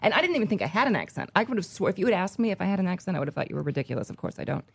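A woman chatting casually on a podcast, animated and quick to laugh, raised on Army bases around the United States. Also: fairly low pitch, vocal fry, slightly rough, no echo. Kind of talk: casual chat.

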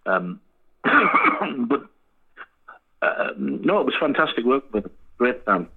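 A man with a husky voice, telling sweary, laughing anecdotes as a band frontman guest in a casual interview. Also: medium pitch, big pitch swings, slow pace. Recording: tinny phone line.

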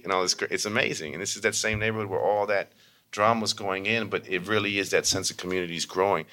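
A man's voice: low voice, fast. A man who teaches meditation, telling stories in a casual interview and acting out the voices of people he quotes. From Baltimore. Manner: animated, acts out voices in quotes.

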